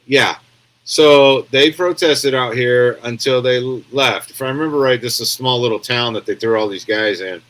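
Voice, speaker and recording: A man's voice: mid-range voice, moderate pace, a bit bright, low-quality recording. Rambling sarcastic American man commentating live. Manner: rambling, sarcastic, reads chat comments aloud. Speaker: live stream news commentator. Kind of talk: casual live-stream commentary.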